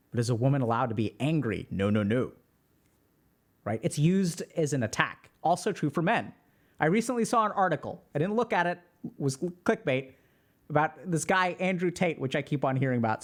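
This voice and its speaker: A man hosting a stream, reading a viewer's post aloud and explaining his thoughts in a calm, reflective way. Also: mid-range voice. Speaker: host.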